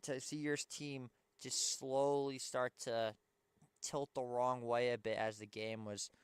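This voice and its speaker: A man's voice: mid-range voice, level tone, slow pace, clear, resonant tone, no echo. Young male fan-host, tired and frustrated, clean resonant voice, dry room. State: tired, yawning. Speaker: sports show host. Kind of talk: pregame basketball commentary.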